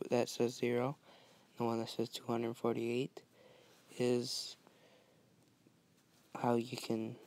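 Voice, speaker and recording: A man giving a casual screen-recorded game tutorial, talking softly and often near a whisper, rambling with restarts. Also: medium pitch, vocal fry. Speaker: mobile game modding tutorial maker.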